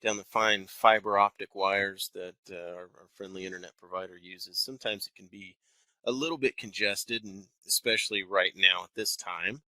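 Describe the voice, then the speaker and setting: This wealth manager, a man in his thirties from Texas with a faint twang, hosts a live webinar in an office building, talking conversationally and enunciating carefully. His voice sits low, with a steady, sharp tone at normal speed. The recording is rough, with no echo.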